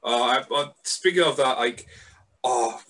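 A man hosts a casual podcast chat, easygoing and sweary, hesitating with fillers. His voice is bright and forward, at an ordinary pitch. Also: measured pace. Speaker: podcast host.

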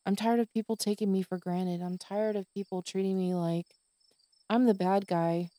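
A woman's voice: mid-range voice, steady tone, normal speed, warm tone, no room sound. A woman hosting her own podcast, venting in a tired, exasperated monologue full of swearing. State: exhausted. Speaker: podcast host.

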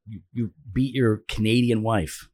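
A man's voice: fairly low pitch, unhurried, no echo, clean studio sound. A man in his forties chatting casually as a podcast co-host, teasing his friend and telling stories with lots of animation. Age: 40s. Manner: animated storyteller, teasing, acts out his own shouting. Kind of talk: casual chat.

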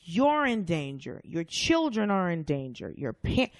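A woman from the American South, a comedian guest on a podcast, telling stories in a blunt, profane, animated way. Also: lowish voice, measured pace, no echo. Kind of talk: casual chat.

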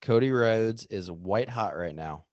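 Laid-back young man, low voice, dry sound. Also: lively intonation, a little slow, a little mellow, no room sound, highs cut off. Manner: teasing, laughs often, wrestling predictions. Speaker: podcast co-host. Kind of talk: casual chat.

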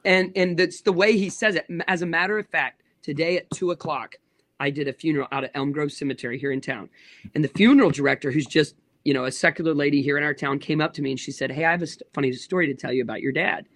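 A pastor in his thirties talks through stories in an animated, chatty way, breaking off and restarting as he acts out what others said. His voice sits fairly high for a man and sounds close and dry. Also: quick pace, no echo. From United States. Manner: animated storyteller with many restarts and acted quotes. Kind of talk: casual interview talk.

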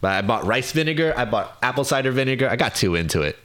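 A man's voice: medium pitch, lively intonation, fast talker, fairly bright tone, a little hiss or hum. Young guy cohosting a podcast, goofy puns, voice bouncing up and down a lot. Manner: playful, punning, laughs often. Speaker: podcast co-host. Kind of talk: casual chat.

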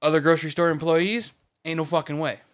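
Profane ranting man, higher voice. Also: fairly even intonation, fast talker. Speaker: podcast co-host. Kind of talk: casual chat.

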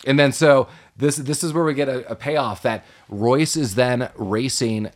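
A man's voice: mid-range voice, a little slow. Man recapping a movie, laughing often. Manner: animated retelling, quoting characters, laughing often. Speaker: podcast co-host. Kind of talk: casual movie recap chat.

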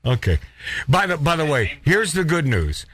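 A man's voice: on the high side, sing-song, normal speed, fairly bright tone, breathy edge. A man hosting a podcast aftershow, talking in a heated casual chat with frequent stammered restarts. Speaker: podcast host.

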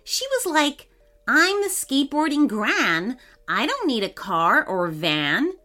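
A high, lively little girl full of excitement, her voice bouncing up and down, as a woman reads her part. She sounds bright and breathless in a storybook tale, with faint music behind. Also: takes it slowly, exaggerated voice. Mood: excited.

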